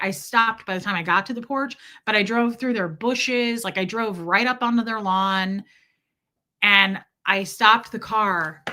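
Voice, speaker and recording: A woman's voice: fairly high pitch, pushed and bright. A woman in her thirties telling a candid personal story to her live chat, swearing freely and answering viewers by name. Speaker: streamer.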